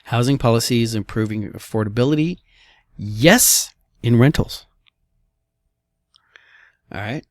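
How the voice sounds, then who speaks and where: A man's voice: medium pitch, unhurried, long pauses, no echo, clean studio sound. A man, a real estate broker giving blunt, casual commentary on housing market slides and tossing in "all right" and "okay" often.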